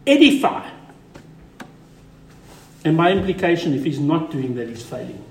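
A man preaching a sermon as pastor, emphatic, repeating key words and dropping to a quiet voice for stress. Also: on the high side, fast talker, reverberant, slight background noise.

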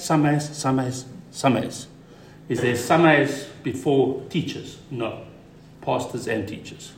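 A male pastor delivers a sermon in a high, ringing voice. He leans hard on repeated key words, then drops suddenly quiet to press a point home. The room around him is echoey. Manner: emphatic preaching, drops to quiet for stress.

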